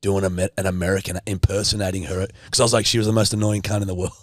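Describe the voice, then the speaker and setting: A man's voice: low-pitched, level tone, fast talker, no room sound, studio quality. A man, co-hosting a podcast and telling a rowdy story, swearing heavily. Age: 30s. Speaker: podcast co-host. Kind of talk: casual chat.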